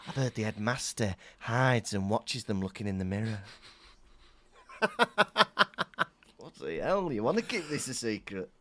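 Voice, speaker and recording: A man's voice: on the low side, lively intonation. A man co-hosting a podcast in casual, playful comedic chat. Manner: playful, quick banter. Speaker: podcast co-host.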